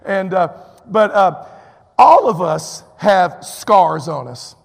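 A man's voice: high-pitched, slow, creaky, in a large hall. A man from Texas preaching a sermon, telling a story and acting out what people said, with lots of "you know" asides. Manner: animated, acts out quotes, drawling fillers.

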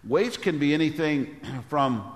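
An older man preaching a sermon as pastor, with a big, loud voice, often clearing his throat. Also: fairly high pitch, lively intonation, measured pace, roomy sound, long reverb tail.

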